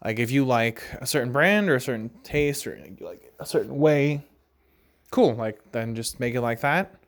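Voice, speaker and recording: A man's voice: mid-range voice, moderate pace. A man hosting a casual solo podcast chat, rambling loosely with lots of "like" and "right?" and the odd easy laugh. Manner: rambling, filler-heavy, frequent "like" and "right?"; relaxed, laughs now and then. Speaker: podcast host.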